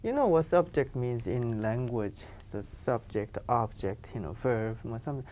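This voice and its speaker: Low-voiced teacher explaining grammar. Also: female voice, lively intonation, normal speed, mellow. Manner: explains patiently, with many "you know" fillers. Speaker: Korean language teacher. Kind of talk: classroom grammar lesson.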